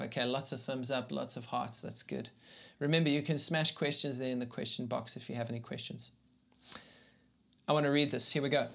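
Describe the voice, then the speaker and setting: Man, pastor teaching a live online series, chatty and animated, reads scripture with emphasis. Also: medium pitch, creaky. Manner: conversational and animated, greets viewers in the chat. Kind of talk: live-streamed Bible teaching.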